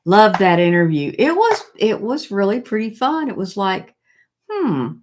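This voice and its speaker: With a sing-song, mid-range voice and a faint hiss or hum in the background, an older woman chats casually with her live stream viewers. She reads their comments in a halting way, pausing on fillers and beginning again.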